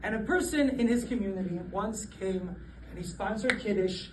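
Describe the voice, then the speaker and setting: A rabbi with a fairly high voice teaches a lively Torah class at a moderate pace, often laughing and slipping into the voices of people in his stories. He sounds distant from the microphone in a roomy, echoing space with a faint background hum.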